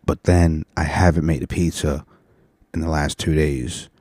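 Deep, dark-voiced man ranting on a podcast. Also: fairly even intonation, a little slow, no room sound. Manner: rambling, profane, swings into loud rants. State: tired. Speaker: podcast host. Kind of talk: casual solo podcast chat. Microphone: studio mic on a stand.

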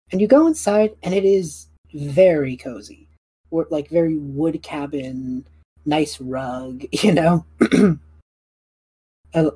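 A young woman narrating a tabletop game as game master, casual and full of fillers, clearing her throat now and then. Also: sits low, warm tone, no echo.

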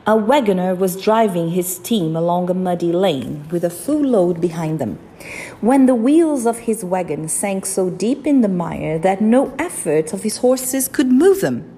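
A woman reading children's stories and fables aloud in a slow, expressive, sing-song way. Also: on the low side, slightly rough. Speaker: storyteller. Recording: reverberant with soft music.

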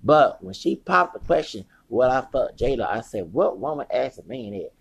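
A man's voice: mid-range voice, normal speed, gravelly, breathy edge, dry recording. A man hosting a podcast, telling a long, rambling story full of profanity and acted-out quoted dialogue. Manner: profane, meandering, animated retelling with quoted dialogue. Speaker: podcast host.

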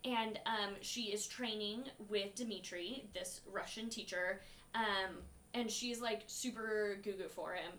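A woman co-hosting a podcast, chatting casually and quickly about a film with lots of filler words. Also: mid-range voice, fairly bright tone, a little hiss or hum. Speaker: podcast co-host. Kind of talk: casual chat reviewing a film.

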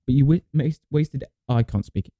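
A man's voice: mid-range voice, normal speed, dark tone, no room sound. A young man, co-hosting a podcast, rambling through a story, swearing and laughing. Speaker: podcast co-host. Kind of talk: casual chat.

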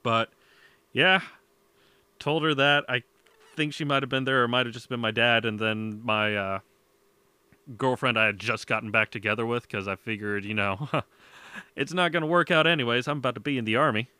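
A man's voice: medium pitch, moderate pace, pauses often, bright, forceful tone, clear, resonant tone, dry recording. A young man hosting a podcast, telling a story in casual chat, laughing often and swearing as he acts out his parents. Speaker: podcast host.

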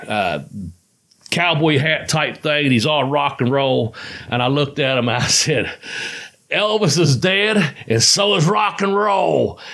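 In casual storytelling chat, a man with a medium-pitched, fairly bright voice tells rambling, profane stories, laughing as he goes.

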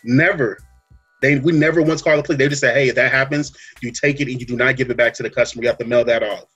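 Husky-voiced male podcast host, easygoing storyteller, light music under. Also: mid-range voice, very fast, muffled recording. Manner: relaxed storytelling, many fillers and "you know what I'm saying". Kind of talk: casual chat.

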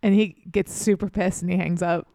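A woman's voice: lowish voice, steady tone, fairly quick, creaky, warm tone. A woman co-hosting a comedy podcast, riffing playfully along with her partner's recap. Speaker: podcast co-host.

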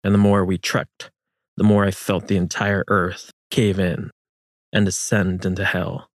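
A man reading historical fiction as narrator in a measured, solemn manner. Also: deep voice, little pitch movement, dry recording, studio quality.

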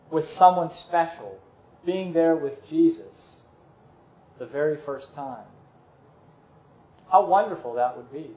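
A male preacher delivers a sermon at an unhurried, deliberate pace, his voice sitting a little high. He leans into earnest lines and lets the weightiest words fall quiet. The sound is roomy and echoing, slightly muffled. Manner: slow, earnest, dropping to soft intensity on key words. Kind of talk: sermon with closing prayer. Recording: echoey room, slightly dull sound.

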